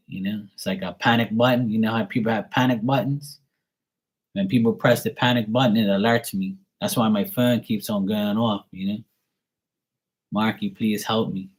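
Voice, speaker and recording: Joking, low-voiced man chatting live. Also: breathy edge. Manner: playful, joking, boastful banter with viewers. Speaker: live tarot reader responding to chat. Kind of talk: casual live-stream chat.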